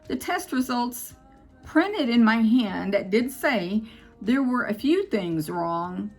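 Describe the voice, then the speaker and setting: A woman's voice: on the high side, expressive, darkish tone, faint music behind. A woman vlogger telling a personal story in a casual, emotional way, quoting others as she retells it. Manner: emotional, quotes others in quick retold dialogue.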